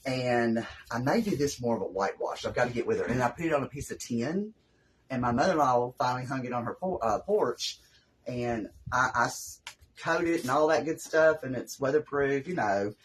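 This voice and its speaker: A woman's voice: extremely low pitch, lively intonation, normal speed, a little hiss or hum, rough recording. A woman with a Southern US accent, hosting a casual craft live stream and chatting in a rambling way with her viewers from her home craft room.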